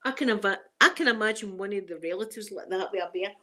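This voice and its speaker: A woman's voice: medium pitch, quick pace, sharp tone. A middle-aged woman with a Glaswegian accent, chatting casually with livestream viewers and laughing often. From Scotland. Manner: chatty, laughs often, strong Scots phrasing. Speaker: ASMR livestream host.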